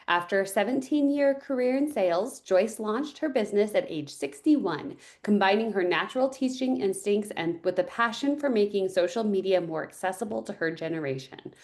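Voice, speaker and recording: A woman's voice: mid-range voice, darkish tone. A woman hosting an online training session, introducing the guest speaker in an upbeat, casual way. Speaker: session host.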